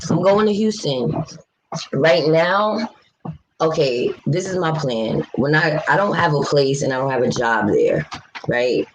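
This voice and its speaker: A woman's voice: low-pitched, expressive, unhurried, dull audio, background noise. A woman from New City, talking bluntly and passionately to her livestream viewers and swearing freely. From New York City. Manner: talks straight to viewers, reads chat aloud. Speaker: livestream host. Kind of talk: casual livestream chat.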